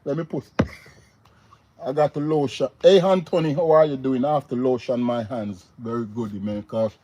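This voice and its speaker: A man's voice: mid-range voice, steady tone, normal speed, highs cut off, noisy background. A man talking casually and animatedly on a live stream, repeating himself and greeting viewers in the chat.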